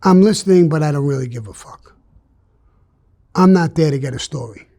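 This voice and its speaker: A man's voice: fairly high pitch, moderate pace, mellow. An older man, telling a story in an interview in a blunt, streetwise way and acting out the dialogue. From New York.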